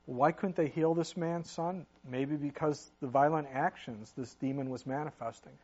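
Husky middle-aged pastor preaching conversationally. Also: male voice, fairly high pitch, darkish tone, muffled recording. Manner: conversational preaching with asides and quick emphatic rises. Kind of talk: sermon.

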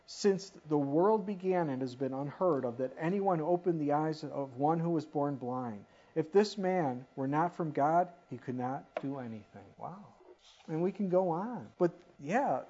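A man's voice: fairly high pitch, breathy edge. Emphatic male preacher, lo-fi sound. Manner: emphatic, rises to sudden animated asides. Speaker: pastor. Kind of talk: expository sermon. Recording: dull lo-fi recording.

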